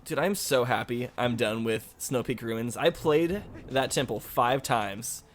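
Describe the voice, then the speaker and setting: A man's voice: medium pitch, a little slow, slight background noise. A man co-hosting a casual gaming chat, goofy and jokey, laughing often. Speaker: co-host.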